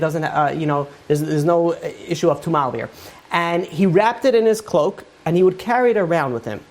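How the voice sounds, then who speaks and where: A man, a rabbi, giving an informal Torah class, retelling Talmud stories in a conversational way with many fillers. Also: high-pitched.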